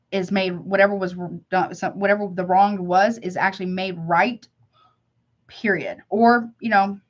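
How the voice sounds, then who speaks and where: A woman reads tarot live in a loose, slangy chat. Her tone is sympathetic and easygoing, with a mid-range pitch. The audio is a little dull and lo-fi. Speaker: tarot reader.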